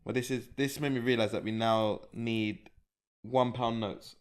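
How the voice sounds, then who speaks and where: Man, casual podcast co-host, middle pitch, storyteller who laughs at his own tale. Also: steady tone, unhurried, clear, resonant tone. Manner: storytelling, laughs through punchlines. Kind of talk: casual chat.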